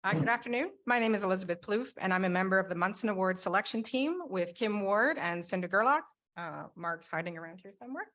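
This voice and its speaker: A woman on an award selection team presenting prepared remarks in a measured, read-aloud manner. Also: medium pitch, animated, fairly bright tone.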